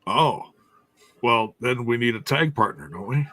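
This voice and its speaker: Male podcast host: bright, crisp tone in a dry room, joking and rambling. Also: medium pitch, animated, a little slow, no echo. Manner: joking, rambling, with frequent fillers. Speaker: wrestling review podcast host. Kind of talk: casual chat.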